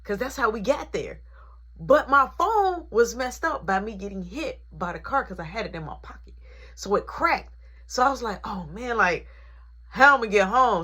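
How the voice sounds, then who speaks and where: A woman telling a personal story in a casual, animated, conversational way. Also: fairly high pitch, moderate pace, breathy edge. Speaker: vlogger.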